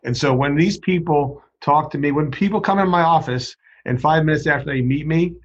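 A man's voice: fairly high pitch, a little fast, slightly rough, muffled recording. A man with a Brooklyn accent, co-hosting a podcast in casual, chatty conversation. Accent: Brooklyn New York. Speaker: co-host.

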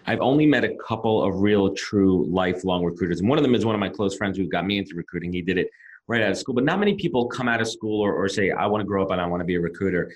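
A man hosting a podcast, chatting enthusiastically with quick interjections. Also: low voice. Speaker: podcast host, recruiter. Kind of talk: casual interview.

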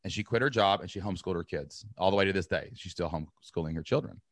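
A man in his thirties, an entrepreneur guest telling a story in an interview, animated and acting out the voices of people he quotes. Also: deep voice, fast talker, dry recording, studio quality.

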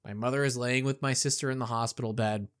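A middle-aged man co-hosting a podcast, telling a childhood story in a casual, animated way and acting out the quotes. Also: mid-range voice, fast talker. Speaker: podcast co-host.

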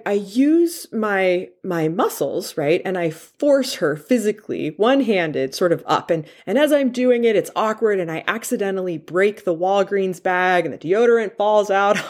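A woman in her forties telling a personal story in a candid, confessional way, with plenty of fillers. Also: medium pitch. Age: 40s.

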